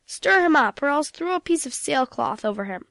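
A woman's voice: high voice, lively intonation, moderate pace, vocal fry, a bit bright, dry recording, studio quality, voice pushed up, exaggerated voice. A woman voicing a blunt, grumbling male ship's mate in a storybook reading.

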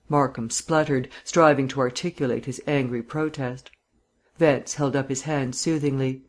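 A man's voice: mid-range voice, steady tone, normal speed. Man narrating an audiobook.

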